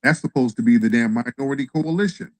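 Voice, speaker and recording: A man's voice: mid-range voice, fast talker, no echo, poor audio. A man hosting a livestream, giving blunt, heated political opinions with plenty of profanity. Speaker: livestream show host.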